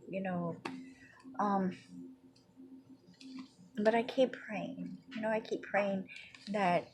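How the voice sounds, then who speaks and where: A woman's voice: medium pitch, steady tone, slow pace, pauses often, a little mellow, a little hiss or hum, poor audio. A woman teaching an informal Bible lesson in a rambling, conversational way, full of "you know" and "um".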